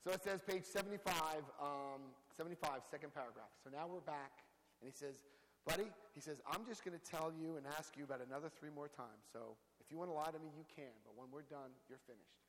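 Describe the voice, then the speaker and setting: A man speaking to a recovery group, telling his own story with lively acted-out quotes. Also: on the high side, fairly quick, in a large hall, poor audio. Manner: storytelling, acts out quotes with big voice jumps. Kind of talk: animated personal talk to a group.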